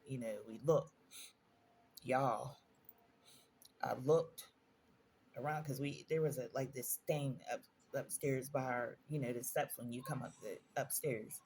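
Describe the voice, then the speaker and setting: A woman's voice: extremely low pitch, measured pace, long pauses, darkish tone, slight background noise. A woman vlogger telling personal stories in a casual storytime monologue, earnest and emphatic, repeating phrases for stress.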